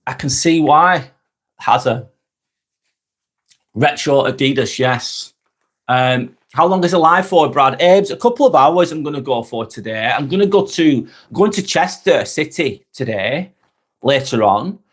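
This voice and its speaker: Chatting with viewers on his live vlog, a middle-aged Englishman rambles, says things more than once and swears without restraint. He speaks a little slowly, in an animated voice on the high side.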